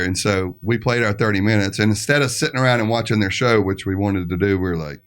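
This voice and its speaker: Man telling a lively story. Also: fairly low pitch, fast, few pauses. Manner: animated, acts out other people's lines in the story. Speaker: podcast guest, musician. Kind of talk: casual storytelling.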